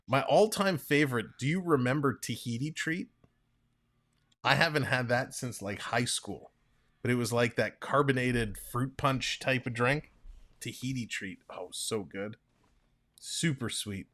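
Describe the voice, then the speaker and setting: A man calling a ball game play-by-play on a live stream, chatting and reading viewer comments between pitches. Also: unhurried, a bit bright. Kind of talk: casual play-by-play with chat reading.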